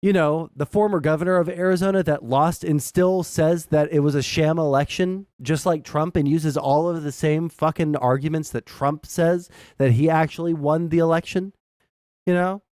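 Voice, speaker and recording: A man's voice: a little high, fairly even intonation, normal speed, a little mellow, dry recording, clean studio sound. A man streaming casual political commentary, swearing and rambling off the cuff.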